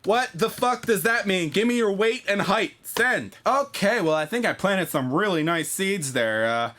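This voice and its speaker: A man's voice: animated, measured pace, sharp tone, exaggerated voice. A man voicing a brash, crude young woman who boasts while hunting for boyfriends online. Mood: giddy. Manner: crude, boastful, shrill and mocking. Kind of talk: comedy sketch character.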